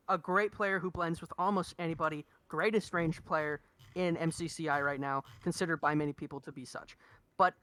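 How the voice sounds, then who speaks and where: A man's voice: high-pitched, pushed and bright, no room sound. A young man co-commentating a live esports draft, enthusiastic and analytical, weighing picks with rhetorical questions.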